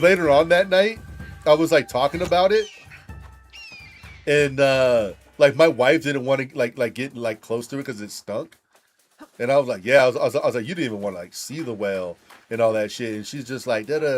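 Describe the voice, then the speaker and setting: A man's voice: mid-range voice, brisk, faint music behind. A young man streaming a game, telling a rambling, profane story and saying "dude" and "like" a lot. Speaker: gaming streamer. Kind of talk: casual storytelling while gaming.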